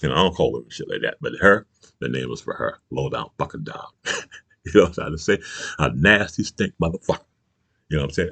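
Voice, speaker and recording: A man hosting his own channel, delivering a profane, angry political rant, bursting into shouts and asking "you understand?" again and again. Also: sits low, animated, a little fast, gravelly, dry recording. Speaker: channel host.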